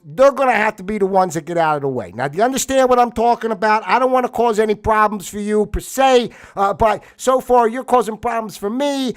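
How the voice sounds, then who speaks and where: A short-tempered tough-guy businessman, as a man puts him on, pushing his voice up high and loud. He blusters and repeats his warnings, leaning hard on every threat. The tone stays forceful and pressing throughout.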